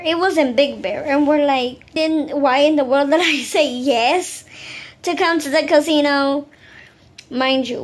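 A woman vlogger chatting casually to camera, rambling with many fillers and asides about her weekend. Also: sits high.

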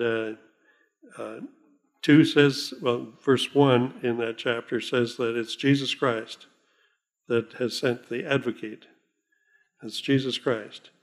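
Folksy older male pastor preaching. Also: medium pitch. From Oklahoma. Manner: folksy, rambling, chuckles often, slows down to read scripture. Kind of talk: sermon.

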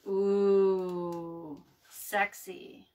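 A woman's voice: medium pitch, little pitch movement, drawn-out words, darkish tone, far from the mic. A woman hosting a casual craft video, rambling and chatty with many ums and restarts as she works. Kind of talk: casual live craft chat. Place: home craft table, indoors.

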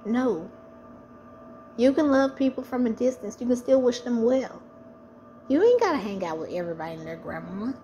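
High-voiced woman giving an earnest testimony. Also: lively intonation, normal speed, pauses often, dark tone, muffled recording, slight background noise. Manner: earnest and emphatic, repeating phrases for stress. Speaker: person sharing her faith testimony. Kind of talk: personal testimony.

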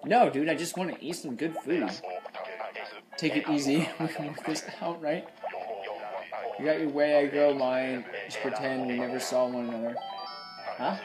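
A man reading the lines of a jittery male turkey in a video game, nervous and rambling, with loud game music behind him. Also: medium pitch, fairly even intonation, moderate pace, pauses often, close to an everyday voice, rough recording. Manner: nervous, rambling, reads game dialogue aloud.

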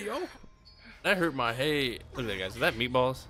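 Excitable man narrating his gameplay. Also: medium pitch, normal speed. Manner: excitable, jokey, talks to viewers, puts on silly voices. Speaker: gaming YouTuber. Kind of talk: casual gameplay commentary.

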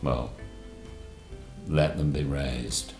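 An older man telling rambling anecdotes in a plummy way, often bursting into animated voices. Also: rumbling low, drawn-out words. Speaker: guest, father of the host. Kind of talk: anecdotal storytelling chat. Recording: roomy with faint music.

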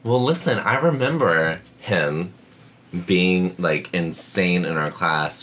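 A man's voice: low voice, a bit bright, slight background noise. A young man co-hosting a casual podcast chat, blunt, sassy and profane in his storytelling. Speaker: podcast co-host.

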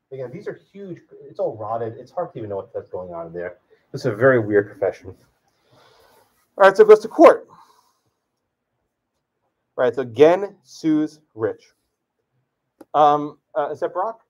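A law professor with a medium-pitched, darkish voice teaches a class, casually calling on students by name and posing questions. The recording, made in a lecture classroom, is distant, echoey, and dull.

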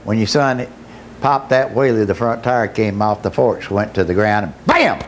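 A middle-aged man preaching his testimony as a pastor, telling his story with emotion that climbs into shouting. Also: on the low side, expressive, moderate pace, a little hiss or hum. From Georgia, US. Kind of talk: testimony sermon.

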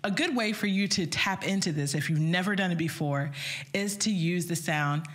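A woman's voice: fairly low pitch, normal speed. A woman vocal coach giving an upbeat online singing lesson, talking straight to her viewers and breaking into short sung vowel demos.

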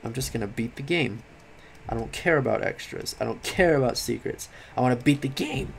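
A tired young man giving late-night game commentary, rambling, swearing and yelling at the game. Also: mid-range voice, expressive, brisk, gravelly, slight background noise. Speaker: gaming commentator.

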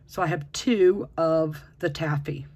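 Unhurried crochet instructor with a slightly husky voice, patiently counting stitches aloud in a step-by-step tutorial. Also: mid-range voice, a little mellow.

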